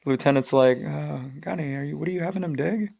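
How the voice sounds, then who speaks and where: Man, thirties, podcast host, gravelly, higher-pitched, laughing storyteller. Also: fast talker, a little mellow. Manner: laughing storyteller, swears freely. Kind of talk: casual chat.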